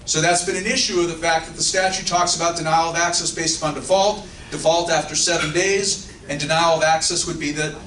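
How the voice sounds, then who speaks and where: A man's voice: on the high side, steady tone, a little fast, few pauses, a bit bright. A man giving a live legal talk to an audience, joking and self-deprecating as he asks them questions. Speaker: legal counsel speaking at a luncheon. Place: luncheon function room. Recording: roomy, distant mic, background noise.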